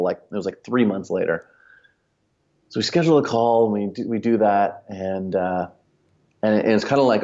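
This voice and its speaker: A man's voice: lowish voice, normal speed, dark tone, highs cut off. A man, a company cofounder, telling a long anecdote casually as a podcast guest, full of fillers and quoted dialogue. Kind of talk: casual storytelling.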